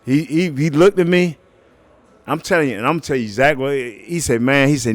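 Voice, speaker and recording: A middle-aged man, a podcast guest telling lively stories, acting out quotes and laughing often. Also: fairly high pitch, fairly quick. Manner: animated storyteller, acts out quotes, laughs often. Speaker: guest, former football player. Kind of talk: storytelling podcast interview.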